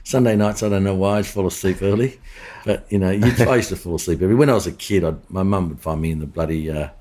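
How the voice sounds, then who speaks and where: Deep-voiced Australian man telling stories. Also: quick pace, warm tone. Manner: rambling anecdotes with many restarts and fillers. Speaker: chef, podcast guest. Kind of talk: casual interview storytelling.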